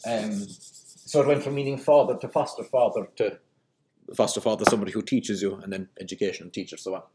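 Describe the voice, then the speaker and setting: A man's voice: fairly low pitch, steady tone, a little fast, background noise. A man explaining Irish word history in an unscripted lesson, with frequent ums and restarts as he works through each point. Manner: hesitant, many ums and restarts. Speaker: language teacher.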